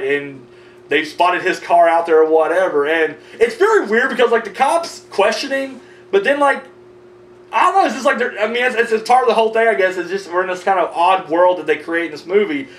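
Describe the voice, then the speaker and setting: This man's voice sits high and has a somewhat bright quality. He gives a casual, meandering, profanity-laced plot recap while reviewing a horror movie, leaning heavily on "like" and "you know," and the audio is roomy and distant with a faint hum.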